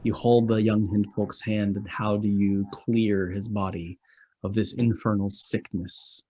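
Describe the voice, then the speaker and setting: A man's voice: on the low side, little pitch movement, unhurried, warm tone. A man narrating a tabletop game as game master, describing scenes dramatically.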